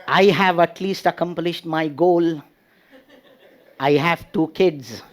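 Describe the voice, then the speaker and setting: A man giving a humorous motivational speech with drawn-out delivery and pauses before punchlines. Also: fairly high pitch. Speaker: speech contest speaker.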